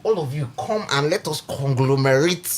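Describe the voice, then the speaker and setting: A man's voice: on the high side, normal speed. A man with a Nigerian accent bantering on a radio sports show, teasing and slipping into Pidgin. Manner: animated, teasing, mixes Pidgin into his English. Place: radio studio.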